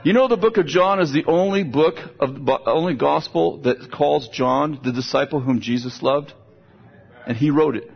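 An older man preaches conversationally, telling stories and repeating words as his point builds. He speaks at a normal speed in a slightly high voice that carries vocal fry and a breathy edge, on dull, lo-fi audio.

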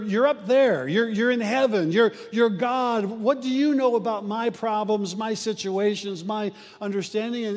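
High-voiced man preaching in a reverberant hall. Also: darkish tone. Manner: conversational preaching with frequent fillers and restarts. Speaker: pastor. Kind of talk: sermon.

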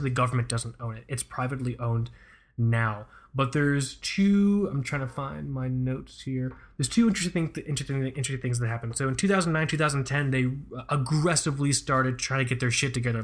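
A young adult man hosting a podcast, talking in a rambling, casual, profane way and often correcting himself. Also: medium pitch. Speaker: podcast host.

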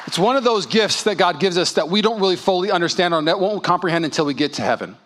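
A male pastor preaching a sermon at a church service, telling stories and acting out voices with lively energy. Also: high voice, fast. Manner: animated storytelling, acts out dialogue.

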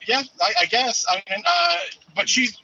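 A man's voice: high voice, moderate pace, highs cut off, noisy background. A man calling in as the show's movie reviewer, talking casually and stumbling over repeated words, with some swearing. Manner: hesitant, repeats words, profane. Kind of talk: casual call-in chat.

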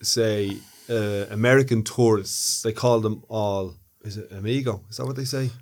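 A man's voice: fairly low pitch, steady tone, normal speed, darkish tone. A man co-hosting a podcast in casual chat, curious, asking questions and joking. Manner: curious, asks questions, jokes. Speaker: podcast co-host.

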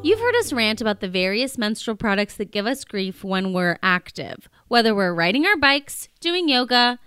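Bright lively woman reading an ad. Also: a little high, normal speed, clean tone. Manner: bubbly, laughs often. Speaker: podcast co-host. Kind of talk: casual chat and read ad.

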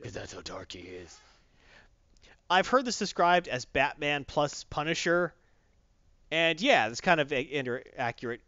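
A man chatting casually as he retells a comic story, rambling and full of fillers. His voice sits a little high and swings widely in pitch. The sound is dry and slightly dull. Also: a little slow, pauses often, no room sound. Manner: rambling, animated, heavy on fillers.

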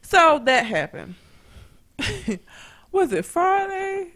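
A woman chatting on a podcast. She tells a story in an animated, profane way and laughs often. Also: very high voice, drawn-out words. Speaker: podcast co-host. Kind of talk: casual chat, storytelling.

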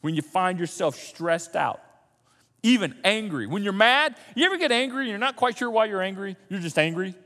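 A man preaching a sermon as pastor, animated, swinging from loud emphasis to soft, low asides. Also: normal speed, long reverb tail. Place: church sanctuary.

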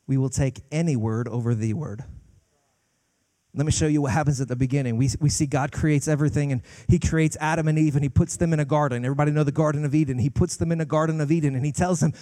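A man, a guest pastor, preaching a sermon with passion, climbing to loud peaks and dropping to hushed lines. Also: a little high, steady tone, fairly quick.

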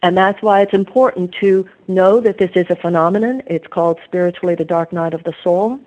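A woman's voice: fairly low pitch, brisk, dull audio. A woman author being interviewed, telling her story in an earnest, reflective way. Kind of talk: conversational interview.

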